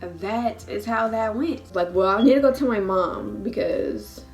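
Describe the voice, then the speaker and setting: A young woman in her twenties chats through a storytime vlog, lively and full of laughs as she acts out the voices of family and friends. Her voice sits at an ordinary middle pitch, and faint music plays underneath. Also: unhurried. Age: 20s. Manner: animated, acts out quotes with laughs. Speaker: vlogger. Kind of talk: casual storytime.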